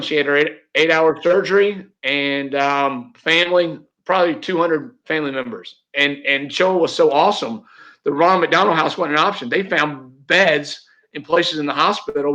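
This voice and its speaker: A man's voice: a little high, bright, forceful tone, highs cut off. A middle-aged man telling a heartfelt personal story as an interview guest, earnest, with many restarts. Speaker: real estate agent, interview guest.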